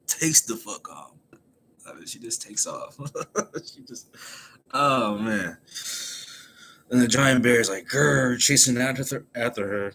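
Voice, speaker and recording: A man streaming a casual chapter recap from home, animated and laughing often as he acts out the characters. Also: medium pitch, measured pace, long pauses, slight background noise. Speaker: anime chapter reviewer, streamer. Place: home room.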